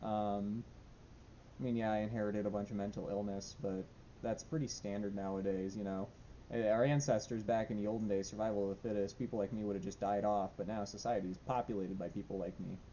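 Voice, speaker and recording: A man's voice: lowish voice, fairly even intonation, brisk, mellow, muffled recording, a little hiss or hum. A young man talking casually in a diary vlog at home, rambling and self-deprecating with many fillers. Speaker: vlogger. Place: home room.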